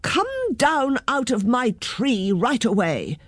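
A woman's voice: on the high side, very animated, takes it slowly, no echo, studio quality, pitched above the performer's own voice, heavily acted. A woman playing a stern, haughty lady owner. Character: stern grown woman, new house owner.

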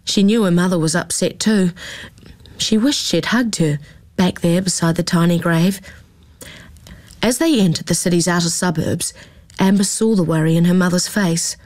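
A woman narrates a children's story in a calm, expressive reading. Her voice sits low for a woman. The recording is dry and close, with no room sound. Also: moderate pace, no room sound.

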